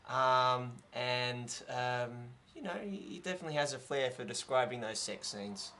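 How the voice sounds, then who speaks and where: A man's voice: medium pitch, normal speed, bright, forceful tone, a little hiss or hum. A man hosting a casual podcast chat, full of ums and dry sarcasm. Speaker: podcast host.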